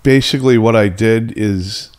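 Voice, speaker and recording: A man's voice: on the low side, moderate pace, a little mellow. Rambling New man telling stories. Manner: rambling, heavy on fillers and profanity. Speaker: podcast host. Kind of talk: casual storytelling chat.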